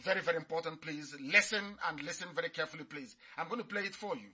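A man's voice: fairly high pitch, fast talker, pushed and bright, breathy edge. A man giving a fiery, mocking radio address, repeating his points. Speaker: radio broadcaster.

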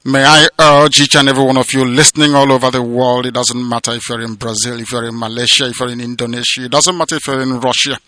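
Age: adult. Sex: man. Style: impassioned political radio address. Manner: declamatory, sermon-like, sharp and tense tone. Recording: dry. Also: medium pitch, little pitch movement, fast, few pauses, dry recording. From southeastern Nigeria. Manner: declamatory, swinging between loud proclamations and hushed, emotional passages; repetitive, sermon-like cadence. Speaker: radio broadcaster and movement leader. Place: abroad, away from home.

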